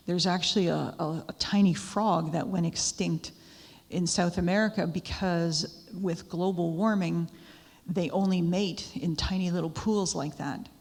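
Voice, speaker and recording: A woman's voice: fairly low pitch, fairly even intonation, measured pace, vocal fry, a little mellow. A woman giving a talk to a live audience, telling stories in a conversational way with asides to the listeners. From Canada. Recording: echoey hall with long reverb.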